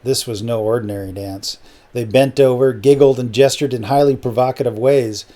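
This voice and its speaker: A male audiobook narrator who tells the story in a steady, matter-of-fact manner. His voice sits at a middle pitch with a mellow, relaxed tone. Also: moderate pace. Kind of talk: scripted narration.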